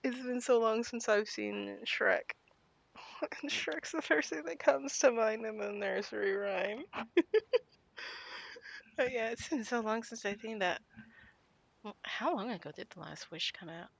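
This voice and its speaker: A woman's voice: on the high side, measured pace, gravelly, long pauses. A woman streaming a game live, chatting casually with her viewers and laughing often.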